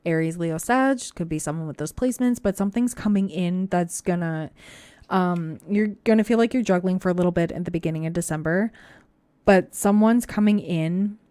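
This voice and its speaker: A woman's voice: fairly low pitch, normal speed, warm tone, clean tone, dry recording. A woman giving a casual, encouraging tarot reading to camera, chatty and reassuring, with frequent fillers. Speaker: tarot reader.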